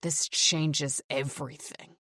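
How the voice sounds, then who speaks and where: A woman reading an audiobook, voicing a drunk, suspicious husband who talks slowly and snarls. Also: sits low, fairly even intonation, pushed and bright, no room sound, clean studio sound, exaggerated voice. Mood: angry. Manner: slow, snarling.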